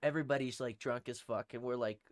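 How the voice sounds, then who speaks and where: A young man co-hosting a podcast, telling a rowdy story in casual talk, swearing heavily and shouting out the lines of people in it. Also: mid-range voice, steady tone, quick pace, dry recording. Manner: heavy swearing, acts out shouted quotes. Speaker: podcast co-host.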